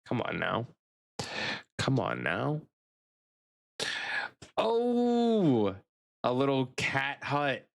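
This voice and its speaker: Slow, playful male streamer. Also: medium pitch, expressive, gravelly, fairly bright tone. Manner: playful, coos over pets in baby talk. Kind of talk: casual live-stream chat.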